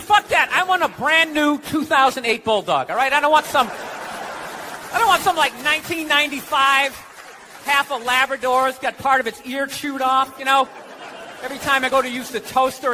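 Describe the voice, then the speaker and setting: Ranting man doing stand-up, crowd roaring. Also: extremely high pitch. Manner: ranting, sarcastic, shouting punchlines. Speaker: stand-up comedian. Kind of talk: stand-up comedy routine. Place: comedy club stage. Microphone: handheld stage mic. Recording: live stage with loud crowd laughter and noise. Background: audience laughing.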